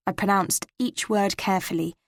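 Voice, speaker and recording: A woman with an English accent, narrating a cozy mystery in first person with measured, crisp delivery. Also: mid-range voice. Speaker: audiobook narrator.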